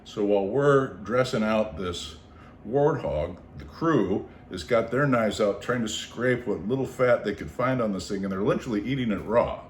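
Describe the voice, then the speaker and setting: An older man from the Seattle area, hosting a podcast and telling stories in casual conversation. He is animated, acts out the people in his stories, laughs and repeats words. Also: fairly low pitch, moderate pace, a little hiss or hum. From Seattle area, USA. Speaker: podcast host. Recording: roomy echo.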